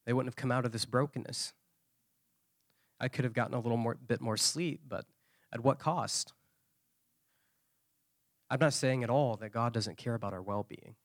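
A man preaching at a conference, telling a story with lively shifts of voice. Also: mid-range voice, no echo, clean studio sound. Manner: animated storyteller, acting out quoted voices. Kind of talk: sermon storytelling.

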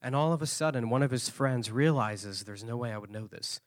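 A male preacher tells a story in sermon style, acting out the voices in it. His voice sits at a middle pitch. The sound is dry and close, with no room echo. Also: a little fast.

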